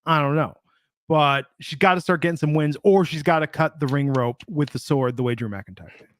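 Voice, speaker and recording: A man's voice: on the high side, slight background noise. A man co-hosting a wrestling podcast, giving opinions in casual, musing chat. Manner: conversational, opinionated, drawn-out musing. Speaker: podcast co-host.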